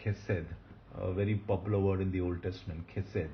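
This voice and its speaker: A man giving a recorded grammar lesson, explaining step by step and repeating each term slowly. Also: low voice, flat delivery. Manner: methodical, repeats terms slowly. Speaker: Hebrew grammar teacher. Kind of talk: recorded lecture. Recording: dull lo-fi sound with faint hiss.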